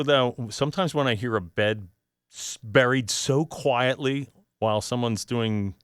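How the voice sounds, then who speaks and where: Lively, rambling talk-radio man. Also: on the low side, smooth, dry recording, studio quality. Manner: rambling, conversational, quick to defend himself. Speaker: radio producer filling in as host. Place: radio studio. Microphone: studio microphone.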